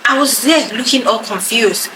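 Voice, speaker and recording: Woman, storyteller, pitched a bit high, echoey room with audible noise. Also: normal speed. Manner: animated storytelling, acts out quoted voices. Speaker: podcast co-host telling a story. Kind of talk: casual story time chat.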